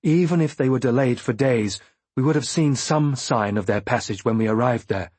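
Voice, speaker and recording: Husky-voiced male audiobook narrator. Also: mid-range voice, normal speed, a little mellow, no room sound. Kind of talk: first-person fantasy audiobook narration.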